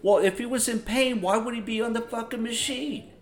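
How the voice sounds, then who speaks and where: A man's voice: very high voice, fairly quick. A man hosting a podcast, talking in a casual, profane monologue full of exasperated gripes. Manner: profane, ranting, exasperated storytelling. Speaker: podcast host.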